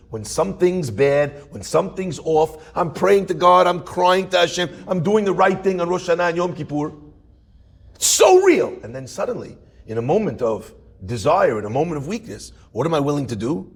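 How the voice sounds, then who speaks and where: A rabbi delivers a lively sermon in a high, gravelly voice, his pitch leaping up and down as he presses his points. He speaks to his listeners directly and keeps asking them questions. His tone is husky and a little rough. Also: fairly quick. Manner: animated, rhetorical questions to the audience.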